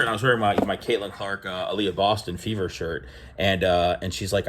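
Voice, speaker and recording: A young card-collecting vlogger chats casually to camera about opening sports cards, rambling through stories full of fillers and restarts. His voice is deep and moderately paced, growing animated whenever he retells a conversation.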